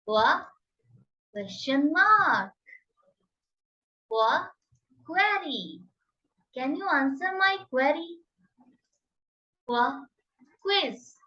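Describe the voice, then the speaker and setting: A woman teaching a children's phonics lesson, enunciating each word slowly and carefully in a sing-song drill. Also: sits high, lively intonation, bright, forceful tone, recorded from a distance, dull audio.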